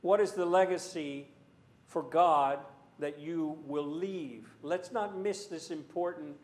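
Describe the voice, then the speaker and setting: A man preaching a sermon in a church, earnest and full of rhetorical questions, sometimes rising to loud emphasis. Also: on the high side, slow, echoey room.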